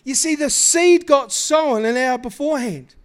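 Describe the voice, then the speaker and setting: High-voiced Kiwi preacher telling stories. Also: male voice, moderate pace. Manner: lively storytelling, acting out quoted dialogue; casual, slangy talk to the congregation. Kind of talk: sermon.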